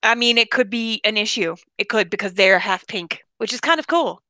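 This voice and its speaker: A woman's voice: mid-range voice, moderate pace, sharp tone, no echo. A woman in casual chat, blunt and joking as she rambles on.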